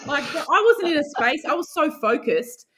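Lively woman telling stories. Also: sits high, normal speed, background noise. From Australia. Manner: animated, acts out her own inner voice, swears casually. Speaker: guest basketball player. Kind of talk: casual interview storytelling.

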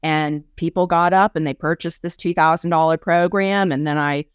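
A woman in her sixties, a ministry speaker and guest, tells stories in a lively, conversational way and acts out the people she quotes. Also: lowish voice, moderate pace, clear, resonant tone, dry recording. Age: 60s. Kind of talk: conversational storytelling.

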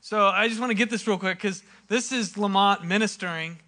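A man with a high voice speaks casually to a church audience. His tone is bright and sharp, and his delivery is loose, full of fillers as he talks over pictures on screen. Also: fairly quick. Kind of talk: casual talk to a congregation.

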